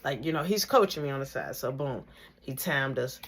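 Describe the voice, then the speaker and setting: A woman telling a casual storytime in an animated, slangy way, with big swings in her voice. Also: a bass voice, normal speed, slightly rough.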